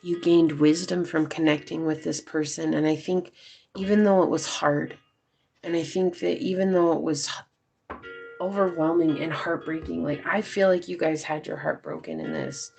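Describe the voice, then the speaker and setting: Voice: medium pitch, vocal fry, darkish tone. A tarot reader giving a casual, chatty reading to viewers, talking loosely with lots of fillers.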